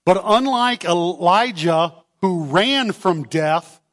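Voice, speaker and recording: A man preaching a sermon to his church, animated and calling out for amens. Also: sits high, takes it slowly. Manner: animated, calls for amens, acts out voices. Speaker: pastor. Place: church sanctuary. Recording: long hall reverb.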